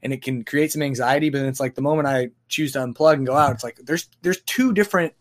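A man's voice: medium pitch, fast talker. A man in casual conversation who talks in a reflective, rambling way and often restarts his phrases.

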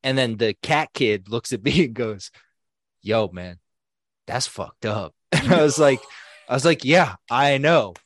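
A young adult man co-hosting a podcast, telling a story in a casual, animated way, swearing freely and acting out what other people said. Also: medium pitch, a little slow, no room sound, clean studio sound. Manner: animated, profane, acts out quoted people. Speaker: podcast co-host.

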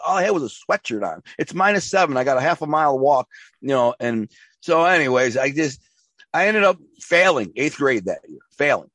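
A man's voice: medium pitch, lively intonation, moderate pace, fairly bright tone, no echo. A man being interviewed, telling his life story in a rambling, emphatic way with slang and restarts. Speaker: interview guest.

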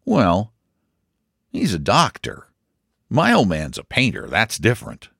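A man voicing a confident young man who speaks slowly and with emphasis. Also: lowish voice, wildly swooping pitch, gravelly, fairly bright tone, husky, dry recording, studio quality, exaggerated voice. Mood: assured. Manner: slow, assured, emphatic. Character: confident young man hosting, drawling, sure of himself.

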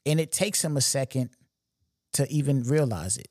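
A young male podcast host tells a story in a loose, slangy, emphatic way, often breaking off to address the listener. His voice is medium-pitched and moves at a normal speed. The recording is dry, with no echo or room sound.

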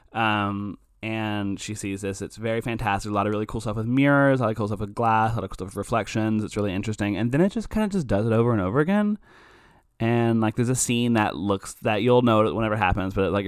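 A man's voice: lowish voice, dry recording, clean studio sound. Rambling, cursing man reviewing a film. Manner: rambling, profane, self-interrupting. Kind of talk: casual spoken film review.

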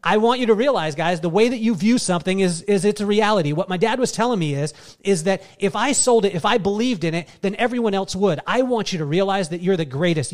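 Male motivational speaker, slightly high voice, earnest storyteller at a live summit. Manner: earnest, personal storytelling addressed to the audience.

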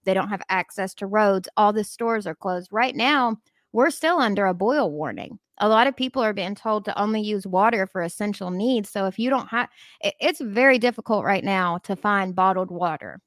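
A woman's voice: mid-range voice, moderate pace, a bit bright, no room sound, studio quality. A congested woman from Memphis, chatting casually and explaining at length. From Memphis, southern US. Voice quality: nasal from congestion. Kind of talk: casual chat.

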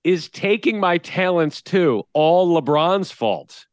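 A man's voice: high voice, expressive, takes it slowly, no echo, studio quality. A man co-hosting a sports talk podcast, joking and teasing his co-host and reading out listener poll results.

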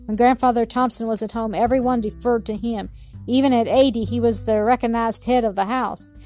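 A woman narrating a children's story in a gentle, measured reading. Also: on the high side, fairly even intonation, soft background music.

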